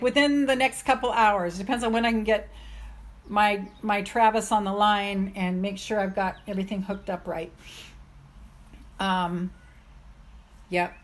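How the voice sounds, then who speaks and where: A woman coaching on self-love in an energetic, chatty motivational live stream, with many fillers. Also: mid-range voice, measured pace.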